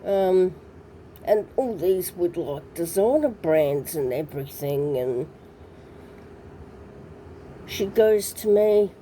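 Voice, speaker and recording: A woman telling her own story in a hesitant way, full of ums and pauses. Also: on the low side, expressive, dark tone, slight background noise. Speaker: interviewee recounting her past. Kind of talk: personal storytelling.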